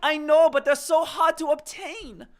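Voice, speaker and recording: A man putting on an exaggerated mock Irish voice, playing a hammy, excited character in an over-the-top, singsong way. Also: sits high, measured pace, clean tone.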